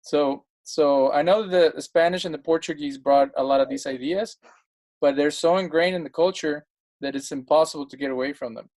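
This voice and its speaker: A man's voice: fairly high pitch, brisk, darkish tone. A man speaking as a guest in a casual discussion, telling stories in an impassioned, emphatic way.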